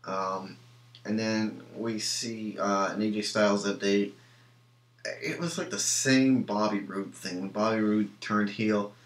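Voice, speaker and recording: A young man talks through a wrestling show on his own, rambling and blunt, with plenty of ums and false starts. His voice sits on the lower side and rings in an echoey room. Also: unhurried. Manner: rambling, many ums and restarts, opinionated. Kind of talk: casual solo review.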